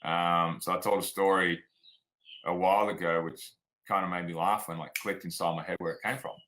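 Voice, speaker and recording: A man's voice: low-pitched, steady tone, a little fast, a bit bright, low-quality recording. A man with an Australian accent, telling stories frankly as a guest in a casual interview. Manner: frank and plainspoken, drops "like" and "man". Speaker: guest, performance coach.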